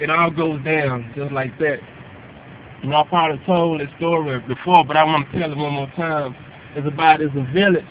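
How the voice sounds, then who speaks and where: Man, high voice, halting preachy talk, muffled phone audio, faint street noise. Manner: halting, repeats words, preachy. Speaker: vlogger. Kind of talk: casual spiritual encouragement.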